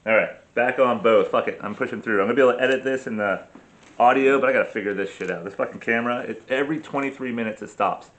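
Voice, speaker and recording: A man's voice: medium pitch, fast, a bit bright. Casual profane vlog guy, middle-aged, rambles and cuts himself off mid sentence. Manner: profane, ranting, self-interrupting. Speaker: travel vlogger.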